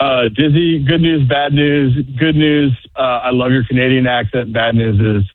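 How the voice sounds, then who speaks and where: A man calling in to a radio show, talking haltingly with many fillers. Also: medium pitch, steady tone, no room sound. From Portland, Oregon. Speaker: caller. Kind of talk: call-in radio chat. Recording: husky, dry, tinny phone line.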